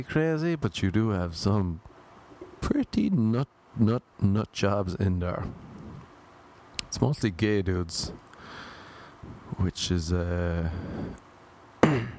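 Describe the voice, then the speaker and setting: Low-voiced man rambling on his podcast. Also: a little mellow, slight background noise. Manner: rambling, joking asides to himself. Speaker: podcast host. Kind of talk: casual solo podcast chat. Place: home in Los Angeles.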